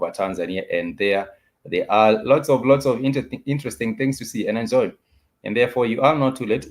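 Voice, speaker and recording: Man, lowish voice, patient language teacher, repeats each word slowly, says uh a lot. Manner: repeats each word and phrase several times, drawn-out fillers. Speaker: Swahili teacher. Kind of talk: spoken language lesson.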